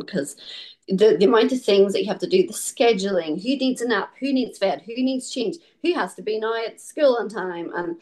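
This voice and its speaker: A middle-aged woman from Ireland with an Irish accent, a guest chatting casually and acting out quotes in her stories. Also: moderate pace. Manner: animated storyteller, acts out quotes with high pitch swings. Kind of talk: casual conversation.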